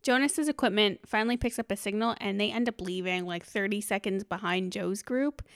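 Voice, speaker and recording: Smooth-voiced young woman narrating a recap. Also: mid-range voice, fairly quick, dry recording, clean studio sound. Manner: playful, laughs often, narrates plot points. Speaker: podcast co-host. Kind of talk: casual movie recap chat.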